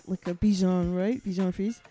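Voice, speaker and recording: A woman's voice: on the low side, fairly even intonation, normal speed, mellow, soft background music. Giggly woman co-hosting on radio. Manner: giggly, laughs often. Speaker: radio co-host. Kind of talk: casual on-air banter.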